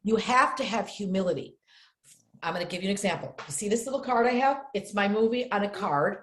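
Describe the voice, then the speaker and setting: A middle-aged woman from upstate New York, an actress telling stories as a podcast guest in a lively way, often acting out the voices of the people she quotes. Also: mid-range voice, a little fast, a little hiss or hum. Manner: lively, acts out quoted voices, repeats words for emphasis. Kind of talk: animated storytelling in conversation. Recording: roomy echo.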